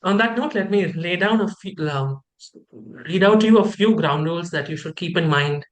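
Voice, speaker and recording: Speaking at a normal speed in a mid-range voice, the host welcomes trainees to a session held online over video. The mood is upbeat and lively as she steers them into a group game.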